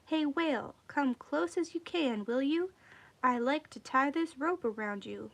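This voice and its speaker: A woman's voice: sits high, measured pace, creaky. A woman voicing a small, boastful male rabbit trickster who talks in a folksy, wheedling way. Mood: bossy. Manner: folksy dialect, wheedling and cocky.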